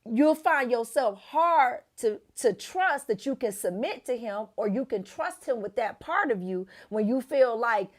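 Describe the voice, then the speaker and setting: A woman's voice: measured pace, hardly any pauses. A woman co-hosting a casual faith-based podcast, telling stories and acting out quotes with big jumps in voice. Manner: animated storytelling, acts out quotes with big pitch jumps. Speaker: podcast co-host.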